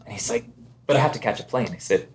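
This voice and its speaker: A man's voice: mid-range voice, fast talker, background noise. A man from Ontario, Canada, a podcast guest telling casual stories and acting out the other voices in them. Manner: animated, acts out quoted voices. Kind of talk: casual storytelling.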